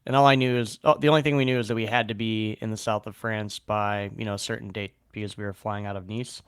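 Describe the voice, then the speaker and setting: Chatty man with a smooth voice. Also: lowish voice, steady tone, quick pace, few pauses, no room sound, studio quality. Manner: loose and chatty, laughs easily. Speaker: podcast host. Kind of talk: casual chat.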